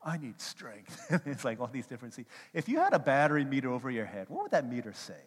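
A male pastor preaching a sermon, telling animated stories and acting out quotes as he goes. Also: medium pitch, fast talker, slightly rough. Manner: animated storytelling with acted-out quotes. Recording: long hall reverb.

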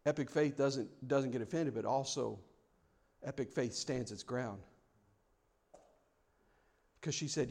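A man preaching a sermon, swinging between loud, mock-formal prayers and quiet, reflective stretches. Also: mid-range voice. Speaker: pastor.

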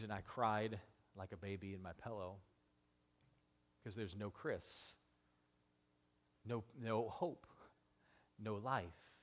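Delivering a sermon, this thirtysomething pastor speaks in a lowish voice, alternating hushed, emotional stories with loud, excited appeals. Along the way he stops and restarts haltingly.

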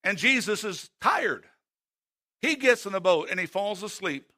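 A man preaching a sermon who swings between loud, emphatic calls and hushed, slow passages, and often asks the congregation direct questions. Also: sits high, expressive.

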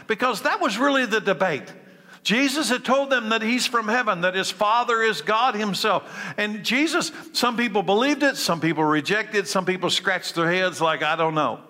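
Male preacher, high bright voice, dramatic hushed-to-emphatic delivery, long hall reverb. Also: animated, normal speed. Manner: dramatic swings from hushed to emphatic, repeating key lines. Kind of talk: sermon.

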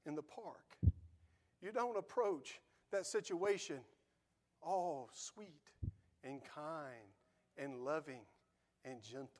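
A man preaching a sermon in a church, fervent and folksy. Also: high-pitched. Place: church sanctuary.

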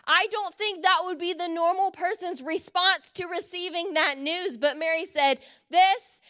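High-voiced woman preaching a sermon. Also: bright, forceful tone. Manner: earnest and encouraging, stretches key phrases slowly. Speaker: speaker giving a Christmas message.

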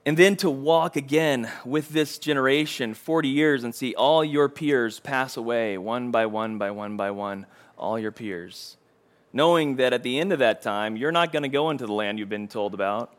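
A man's voice: mid-range voice, moderate pace. A man preaching a sermon in a conversational way, acting out quotes with rising intensity.

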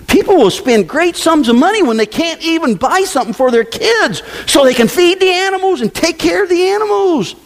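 A man preaching a sermon to his congregation, with conversational asides, dropping to low murmurs and rising to loud exclamations. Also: very animated, brisk, few pauses. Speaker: pastor.

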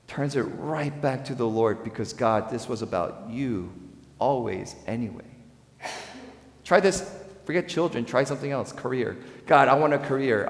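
A male pastor preaching a sermon, swinging between loud, rising emphasis and quiet, low asides. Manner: dynamic preaching with sharp swings in pitch and volume. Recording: echoey hall with long reverb.

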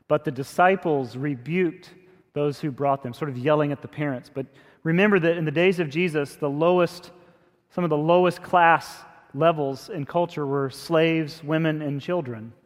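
A man with a slightly high voice delivers a sermon in a plain, conversational manner. His words ring out through the long reverb of a big hall. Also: steady tone, normal speed. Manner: conversational preaching, rises in pitch and force when emphatic. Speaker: pastor.

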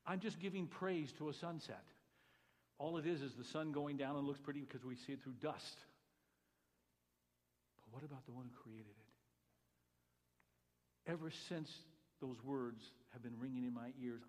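A man pastor preaching a sermon, talking to the congregation with asides, swinging between loud exclamations and hushed quiet remarks. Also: medium pitch. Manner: conversational, with jokes to the congregation. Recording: long reverb of a large hall.

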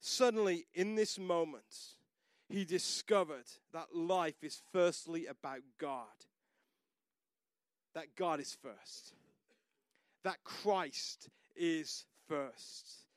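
High-voiced male pastor preaching. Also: very slow, no echo, studio quality. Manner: storytelling, rising to emphatic declarations. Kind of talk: sermon.

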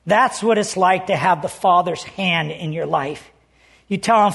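High-voiced pastor preaching conversationally. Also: male voice, a little slow, vocal fry, a bit bright, breathy edge. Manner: conversational storytelling, earnest. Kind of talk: sermon.

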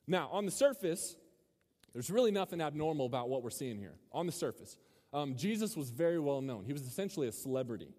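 A man's voice: on the high side, big pitch swings, fairly quick, darkish tone. A young man preaching a casual, joking sermon to a student crowd and quizzing them as he goes. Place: large hall with a live audience. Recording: hall reverb.

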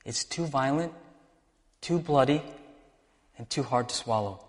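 A man's voice: mid-range voice, unhurried. Man preaching in an echoing hall. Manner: animated preaching, acts out dialogue. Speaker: pastor. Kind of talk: sermon.

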